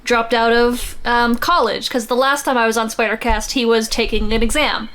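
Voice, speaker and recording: Higher-voiced woman thinking aloud about comics. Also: level tone, moderate pace, fairly bright tone, slight background noise. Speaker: podcast guest. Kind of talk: casual comic book discussion.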